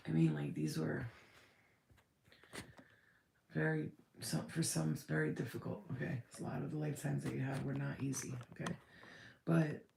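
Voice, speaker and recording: A woman's voice: deep voice, little pitch movement, normal speed, gravelly, long pauses, darkish tone, echoey room, a little hiss or hum. A woman giving a casual channeled spirit reading, rambling and blunt, swearing freely.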